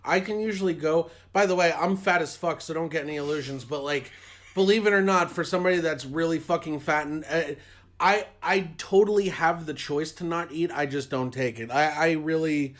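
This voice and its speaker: Guy on a podcast, bit higher pitched, stumbles into sentences, swears. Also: a bit bright. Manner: halting, stumbling starts, profane. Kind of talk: casual podcast chat.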